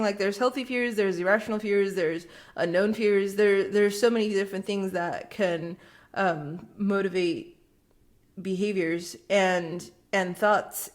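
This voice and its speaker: Woman podcast co-host, reflective, talks in loose rambling runs with sudden quick stretches. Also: medium pitch. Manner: reflective, rambling, with many fillers and quick bursts. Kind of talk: casual chat.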